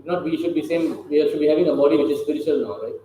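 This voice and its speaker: A man's voice: fairly high pitch, quick pace, dark tone. A man giving a scripture lecture in a conversational way, often checking with listeners through rhetorical questions. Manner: conversational, keeps asking the audience rhetorical questions. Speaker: scripture class speaker. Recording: very echoey room with faint noise.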